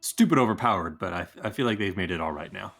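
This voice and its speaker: A man on a roundtable panel, chatting in a relaxed, easygoing way. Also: deep voice, fast, creaky, over music. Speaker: panelist and game master. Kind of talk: casual roundtable chat.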